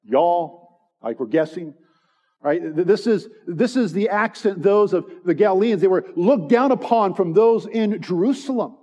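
A pastor with a high, mellow voice preaches an earnest expository sermon at a normal pace, driving each point home through emphatic repetition. The audio is dull and lo-fi, with a long hall reverb.

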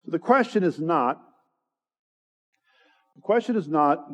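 A man's voice: a little high, animated, measured pace, pauses often. A man preaching an earnest sermon, pressing each point with emphatic repetition. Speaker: pastor. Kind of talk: expository sermon. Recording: long hall reverb, dull lo-fi sound.

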